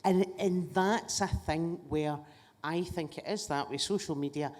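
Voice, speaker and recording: A woman's voice: on the low side, measured pace, darkish tone. A woman, a guest comedian chatting casually and telling stories with plenty of swearing. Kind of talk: casual chat.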